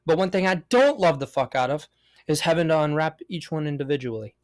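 A man's voice: a little high, animated, fairly quick. A man hosting a solo podcast, rambling and joking with lots of swearing. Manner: rambling, profane, jokey. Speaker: podcast host. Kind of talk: solo casual podcast monologue.

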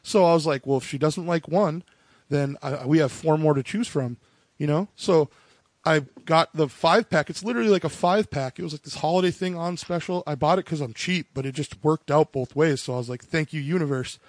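A young man and father chatting casually on a podcast, joking and profane as he tells quick stories. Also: a little high, no room sound.

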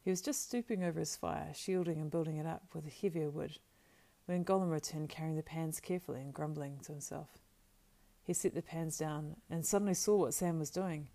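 A woman narrating a storybook aloud in a steady, measured reading with small slips. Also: sits low, gravelly. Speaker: audiobook narrator.

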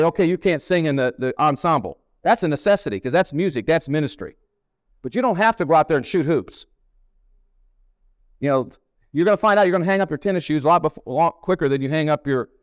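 A middle-aged man preaches in a folksy, storytelling way, hammering points home by repeating them. His voice sits a little high for a man. The sound is close and dry, with no room around it. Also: no room sound. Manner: folksy storytelling with emphatic repetition. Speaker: pastor. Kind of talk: sermon. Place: camp meeting hall.

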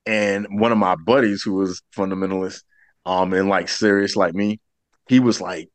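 A man's voice: low-pitched, moderate pace, no echo. A man hosting a podcast, telling stories in a casual chat, laughing often and acting out the people he quotes. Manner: animated, laughing, acts out quoted voices. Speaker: podcast host.

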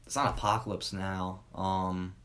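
Young man, casual chat, slangy and laid-back, lowish voice. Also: flat delivery, a little slow, fairly bright tone.

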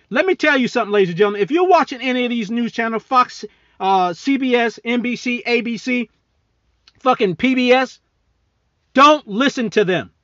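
A high-voiced, bright-toned man rants heatedly into the mic, cursing often and mocking his targets. His voice sits up high and sounds sharp and forceful. The sound is dry and close, with a dull, lo-fi edge. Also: fairly quick, dry recording. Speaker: podcast host; military service member. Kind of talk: angry political rant.

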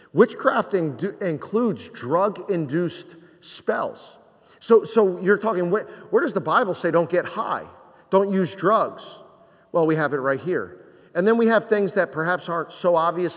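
A man from New Jersey delivering a sermon, his voice carried by a long hall reverb. He preaches in a conversational way, full of rhetorical questions, and his voice sits a little high for a man. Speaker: pastor.

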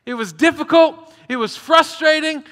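A man's voice: very high voice, normal speed, sharp tone, pitched above the performer's own voice. A man voicing an exasperated male day laborer who complains in a whiny voice. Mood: indignant whining. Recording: long hall reverb.

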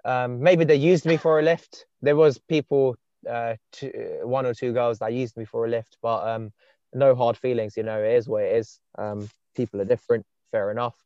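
A man's voice: medium pitch, steady tone, normal speed, warm tone, no echo. A young man telling laid-back stories on a casual podcast, full of fillers. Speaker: podcast host and dating coach. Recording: dull muffled podcast sound.

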